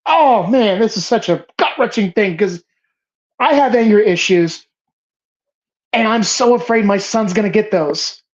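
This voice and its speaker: A woman's voice: mid-range voice, expressive, measured pace. Emphatic, swearing woman gushing about film. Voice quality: emphatic, profane, rambling with restarts. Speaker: host of a movie bracket show. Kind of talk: casual, passionate film talk. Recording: slightly dull lo-fi sound.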